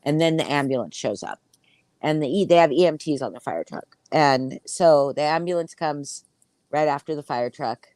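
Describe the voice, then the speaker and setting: Low-voiced woman telling a profane story. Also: moderate pace, a little mellow, no echo. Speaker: podcast host. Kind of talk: casual chat.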